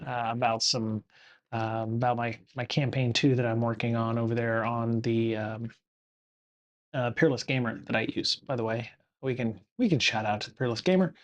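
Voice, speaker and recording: A man's voice: mid-range voice, fairly even intonation, normal speed. A middle-aged man hosting a solo live stream, talking casually and rambling with many fillers and self-corrections. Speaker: podcast host streaming solo.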